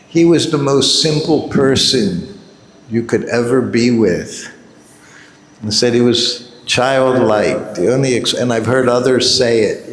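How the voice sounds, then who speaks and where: A man in his seventies giving a religious class, telling a personal story and chuckling often. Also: medium pitch. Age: 70s. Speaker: devotee giving a scripture class. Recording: echoey hall with long reverb.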